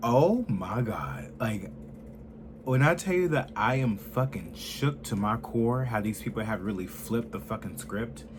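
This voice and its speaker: A man in his twenties ranting heatedly and profanely in a political commentary, swinging from loud outbursts to low muttering. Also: animated, unhurried, noisy background. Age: 20s.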